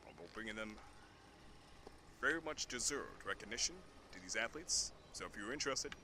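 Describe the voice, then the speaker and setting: A man doing live baseball play-by-play outdoors on a boom mic, keeping his voice hushed like a golf commentator. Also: expressive, moderate pace, background noise. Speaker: sports commentator.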